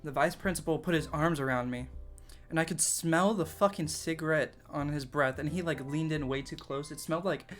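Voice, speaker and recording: A man's voice: fairly high pitch, moderate pace, a bit bright, soft background music. Young man telling a profane story. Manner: casual, profane, laughs often while telling. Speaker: storytelling vlogger. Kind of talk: casual story time.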